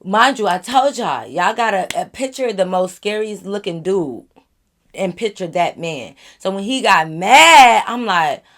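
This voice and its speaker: A woman vlogger telling a casual storytime, animated and chatty, talking straight to her viewers. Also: medium pitch, a little slow.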